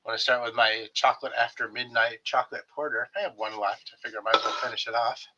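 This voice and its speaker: A man's voice: medium pitch, steady tone, fast talker, bright, forceful tone, a little hiss or hum. A man hosting his own live stream, chatting casually and greeting viewers by name with friendly jokes. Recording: slightly dull lo-fi stream audio.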